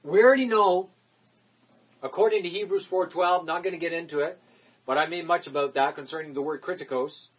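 Male preacher, sermon delivery: emphatic repeated declarations, quick asides, husky tone. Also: fairly high pitch, steady tone, muffled recording.

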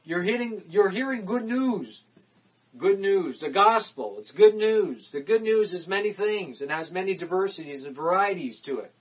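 A man preaching a sermon, emphatic, repeating phrases and swinging from loud declarations to quick muttered asides. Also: sits high, expressive, breathy edge, highs cut off.

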